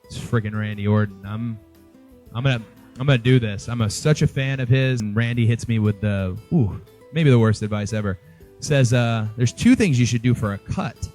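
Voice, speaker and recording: Lively man telling a funny story. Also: mid-range voice, moderate pace, faint music behind. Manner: lively storyteller who acts out the other people's lines. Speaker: wrestler telling a story in an interview. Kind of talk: casual anecdote.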